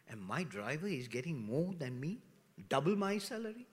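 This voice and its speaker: A middle-aged man preaching a sermon as pastor, with animated rhetorical questions, dropping to hushed asides and rising loud again. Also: fairly high pitch, moderate pace. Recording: long reverb of a large hall.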